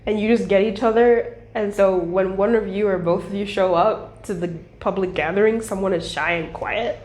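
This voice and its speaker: A woman giving a casual tarot reading, chatty and animated, swearing and laughing as she talks. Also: mid-range voice, normal speed, reverberant. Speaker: tarot reader.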